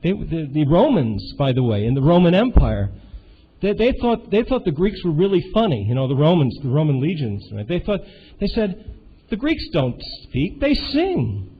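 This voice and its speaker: Halting man in a muffled seminar recording. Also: on the high side, big pitch swings. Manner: halting, frequent restarts and fillers. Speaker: seminar participant. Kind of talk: informal seminar talk. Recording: muffled with faint hiss.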